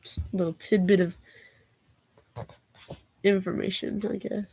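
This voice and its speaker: A woman's voice: medium pitch, little pitch movement, a little slow, creaky, warm tone, a little hiss or hum. A woman vlogger reading knock-knock jokes aloud, taking both parts herself and breaking off for giggly asides.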